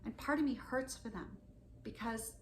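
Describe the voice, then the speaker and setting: A woman giving candid relationship advice straight to camera, with loud bursts of emphasis and soft, dropped asides. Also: a little high, moderate pace, reverberant, slight background noise. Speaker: relationship coach. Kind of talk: direct-to-camera advice talk.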